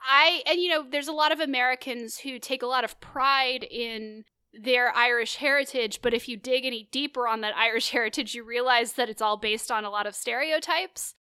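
A woman's voice: on the high side, moderate pace, sharp tone, clear, resonant tone, no room sound, clean studio sound. A woman hosting a podcast in casual chat, speaking loosely with many fillers and an easy laugh. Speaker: podcast host.

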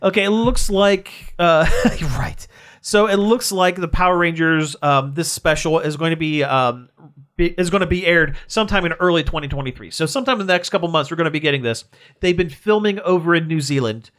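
High-voiced upbeat man chatting. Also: fairly quick, fairly bright tone. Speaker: podcast co-host. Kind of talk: casual chat.

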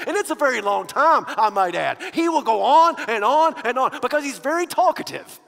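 Guy preaching, swings quiet to loud, sharp bright tone, echoey church. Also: very high voice, moderate pace, gravelly, hardly any pauses. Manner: animated, swinging from hushed to loud with quoted voices. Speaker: pastor. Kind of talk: sermon. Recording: long hall reverb.

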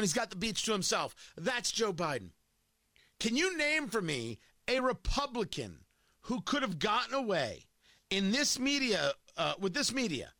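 Man, political commentary host, high voice, swooping lively delivery, combative, rhetorical questions. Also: dry recording, studio quality.

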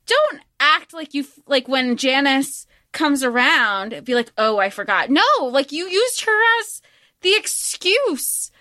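A woman co-hosting a podcast, chatting casually about a movie in an animated, emphatic way with quick asides. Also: high-pitched, dry recording, studio quality. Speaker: podcast co-host.

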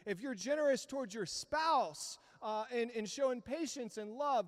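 A pastor in his thirties preaching a sermon, telling stories in a conversational way and asking the congregation to answer. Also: high-pitched. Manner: conversational storytelling, asks the congregation for responses. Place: church sanctuary. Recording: long reverb of a church hall.

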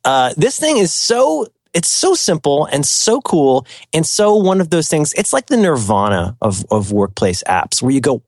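A man's voice: fairly high pitch, huge pitch swings, a little fast, no room sound, studio quality. A man hosting a casual podcast, rambling and self-deprecating, laughing often as he reads a sponsor spot. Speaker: podcast host.

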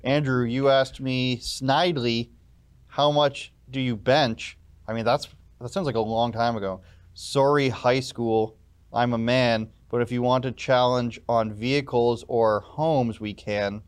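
A man hosts a live talk show from a studio, his voice smooth and clear with a middling pitch. He ribs his co-host and the viewers in a dry, teasing manner and breaks into laughter easily. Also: fairly even intonation. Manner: teasing, wry, quick to laugh. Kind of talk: casual live-show banter.

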